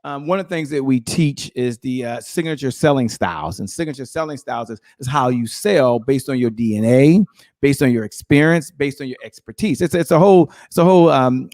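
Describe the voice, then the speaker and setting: A man coaching on sales during a live show, energetic and emphatic, often acting out dialogue with buyers. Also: mid-range voice, no room sound, studio quality.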